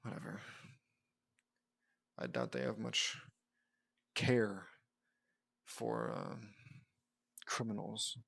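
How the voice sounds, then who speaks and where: A man's voice: on the low side, very animated, extremely slow, gravelly, pauses often, a bit bright, breathy edge, dry recording. A man reading his own fan fiction aloud and breaking off for digressive, dismissive commentary.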